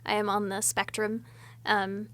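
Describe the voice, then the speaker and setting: A woman with a northeastern American accent with a touch of the South, talking softly and thoughtfully in a casual podcast chat. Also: mid-range voice, completely flat delivery, unhurried, no echo. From northeastern United States. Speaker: podcast guest.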